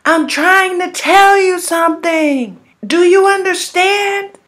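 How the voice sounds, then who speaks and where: A woman acting out a distant divine male voice calling out to her, yelling slowly as if from far away. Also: very high-pitched, voice pushed up, full character voice. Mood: urgent.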